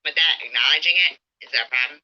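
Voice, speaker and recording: A woman with a husky voice, angrily swearing and confronting someone in a livestream argument. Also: a bass voice, rapid-fire, bright, forceful tone. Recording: muffled lo-fi phone audio.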